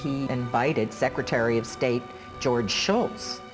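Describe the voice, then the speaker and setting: A woman feminist writer with a low voice gives an earnest, measured account in a documentary interview. Faint music plays in the background.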